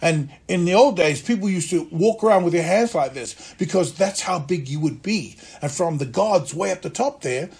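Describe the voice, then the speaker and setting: A male actor and acting teacher telling stories from his career in a lively way, acting out the voices of people he quotes. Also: high voice, breathy edge. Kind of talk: conversational storytelling interview.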